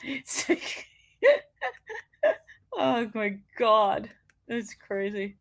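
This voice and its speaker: A woman's voice: medium pitch, steady tone, very slow, gravelly, a bit bright. A woman hosting a wrestling show, ranting in casual commentary, swearing freely and laughing often.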